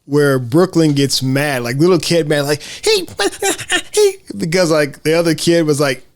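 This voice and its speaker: A man hosting a casual film discussion podcast, animated, often acting out quotes in high voices. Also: normal speed, no room sound. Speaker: podcast host.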